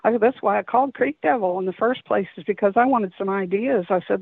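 A woman's voice: on the high side, a little fast, hardly any pauses, slightly rough, dry recording. A woman calling in to tell a personal story, talking in an earnest, rambling way and often correcting herself. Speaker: caller sharing an encounter. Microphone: telephone. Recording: tinny phone line.

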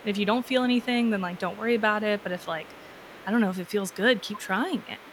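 A woman's voice: medium pitch, fast. Chatty woman with faint hiss. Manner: chatty, lots of "like" fillers, laughs often. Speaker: energy healer guest. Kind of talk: casual conversational interview.

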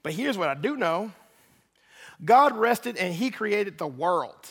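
A man in his thirties preaching a sermon, animated, acting out little dialogues and teasing the congregation. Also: high voice, takes it slowly, slightly rough. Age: 30s. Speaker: pastor. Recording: long hall reverb.

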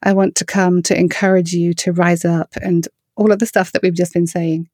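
A middle-aged woman with an English accent, a worship singer answering interview questions with earnest, storytelling warmth. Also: lowish voice, moderate pace, dry recording, studio quality. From England. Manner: earnest, storytelling, animated when quoting others.

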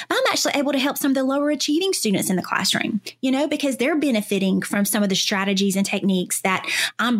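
Enthusiastic woman telling stories, slightly high voice. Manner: enthusiastic storytelling with frequent "you know"; acts out quoted colleagues in lively voices. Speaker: school speech-language pathologist, podcast guest. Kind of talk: casual podcast conversation.

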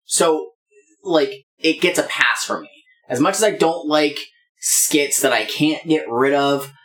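A woman's voice: low voice, unhurried, a bit bright. A woman co-hosting a podcast, chatting casually, swearing freely and laughing often. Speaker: podcast co-host. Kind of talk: casual chat.

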